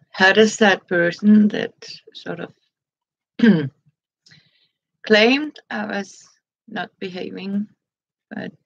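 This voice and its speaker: A woman, chatting gently on a live stream and greeting her viewers by name. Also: medium pitch, no echo, highs cut off. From Denmark. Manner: greets viewers by name between thoughts, gentle, frequent soft laughs. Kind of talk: casual live-stream chat.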